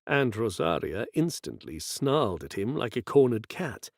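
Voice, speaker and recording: A man narrating an audiobook in slow, expressive storytelling. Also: lowish voice, no room sound, clean studio sound. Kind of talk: scripted narration.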